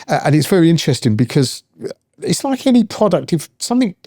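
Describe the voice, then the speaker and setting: A man's voice: on the high side, big pitch swings, a little fast, darkish tone, dry recording, studio quality. A man in his sixties, guest on a podcast, talking in a rambling, chatty way with lots of fillers and restarts. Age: 60s. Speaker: guest, founder and accountant. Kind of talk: casual podcast interview.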